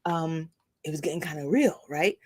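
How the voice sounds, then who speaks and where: A middle-aged woman, a spiritual coach, telling a rambling, animated story on her weekly livestream, full of fillers. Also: low voice, moderate pace, slightly rough.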